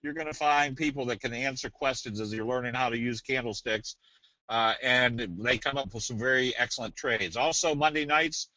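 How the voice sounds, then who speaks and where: A man presenting a casual trading webinar, talking in a folksy, rambling way and slipping into a sales pitch. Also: normal speed, pushed and bright, dry recording, dull audio. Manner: folksy, rambling, tells jokes.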